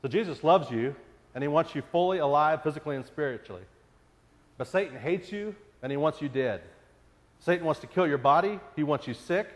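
A man delivers a sermon with earnest, pleading force, his voice sitting slightly high. The sound carries the long, ringing reverb of a large hall. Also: animated, a little fast. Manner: earnest, rising to pleading intensity on repeated questions. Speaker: preacher.

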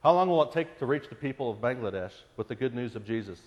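A fast-talking preacher with a mid-range voice and lively intonation pushes his sermon into pleading questions, his earnestness intensifying as he repeats them. A long hall reverb surrounds the recording.

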